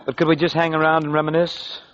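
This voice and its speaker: A man's voice: fairly high pitch, monotone, fast talker, fairly bright tone, lo-fi sound, a faint crowd, slight background noise, lightly acted. A man playing a breezy, scheming con man in a 1940s radio comedy. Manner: brash, breezy, wisecracking. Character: fast-talking scheming young male con man. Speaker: narrator and lead.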